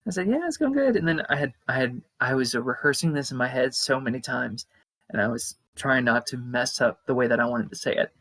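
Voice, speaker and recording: A young podcast co-host with a mid-range, fairly bright voice tells a long, casual story briskly and with little pitch movement; the audio quality is poor. He's chatty and rambling, full of fillers and restarts, and acts out the voices he quotes.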